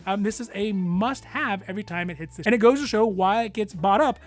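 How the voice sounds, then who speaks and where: A man hosting a whiskey review vlog, talking casually in a relaxed, rambling way with lots of fillers and small chuckles. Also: high-pitched, fast. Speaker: whiskey channel host.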